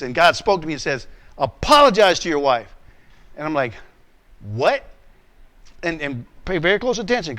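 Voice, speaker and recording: A man's voice: a little high, fairly bright tone. A male pastor preaching a sermon, telling a personal story with acted voices and frequent restarts.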